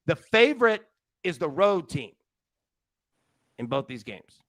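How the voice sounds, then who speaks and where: A man hosting a sports betting show, energetic and joking in casual, rambling chat. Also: a little high, a little slow, no echo.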